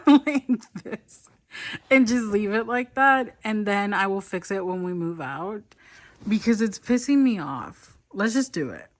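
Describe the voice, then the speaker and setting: A young woman chatting casually in a reading vlog, gushing and easily delighted. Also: medium pitch. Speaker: book vlogger.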